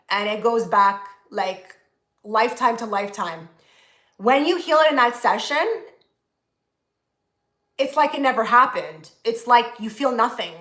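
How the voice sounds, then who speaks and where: A woman's voice: on the high side, bright, forceful tone, echoey room. A woman chatting casually on a live stream, rambling with many fillers and restarts. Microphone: phone.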